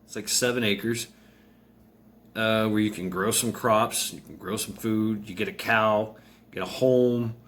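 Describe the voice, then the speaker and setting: A man's voice: lowish voice, a bit bright, a little hiss or hum. A man casually telling a story aloud, rambling, with many fillers and restarts.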